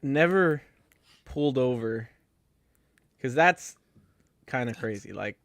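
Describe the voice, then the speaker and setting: A man's voice: mid-range voice, animated, slow pace, a bit bright, dry recording, studio quality. A man telling casual stories to friends with many fillers. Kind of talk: casual group chat.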